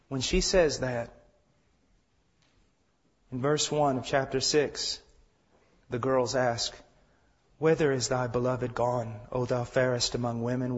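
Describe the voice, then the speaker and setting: A man preaching a sermon with passion, swinging between shouted lines and hushed, quiet ones. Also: medium pitch. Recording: dull lo-fi sound with long hall reverb.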